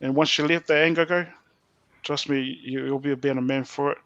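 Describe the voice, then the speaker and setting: A young man with a New Zealand accent, a podcast guest sharing his testimony in a soft, halting way with many fillers. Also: fairly high pitch, fairly even intonation, no echo, highs cut off. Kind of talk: personal testimony.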